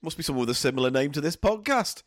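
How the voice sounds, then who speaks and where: A man's voice: on the high side, animated, rapid-fire. Teasing man with crude humor. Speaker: podcast co-host. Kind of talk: casual banter.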